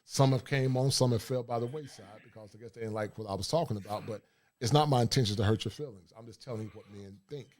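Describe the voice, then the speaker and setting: A man's voice: medium pitch, fast, darkish tone. A man hosting a casual livestream, talking bluntly in a preachy, streetwise way. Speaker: livestream host.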